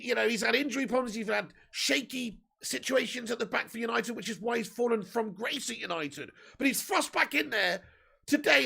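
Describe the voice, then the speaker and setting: A man hosting a live football watch-along, swinging from low grumbling to excited shouting, swearing often. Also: creaky, slightly rough.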